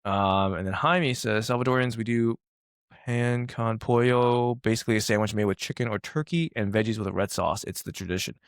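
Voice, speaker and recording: A man's voice: on the low side, steady tone, brisk, smooth, no echo, clean studio sound. A man co-hosting a fitness podcast in casual chat, rambling with lots of fillers and frequent laughs, originally from Taiwan. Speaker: fitness coach, podcast co-host.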